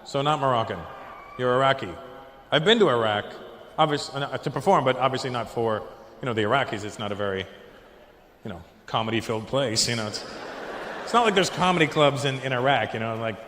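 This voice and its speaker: Stand-up comic in a roomy hall. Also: male voice, medium pitch, a little fast, fairly bright tone, slight background noise. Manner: chats with the crowd, jumps into silly put-on voices. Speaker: stand-up comedian. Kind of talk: stand-up routine. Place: large comedy venue with a live audience. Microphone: handheld stage mic. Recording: roomy hall, long reverb.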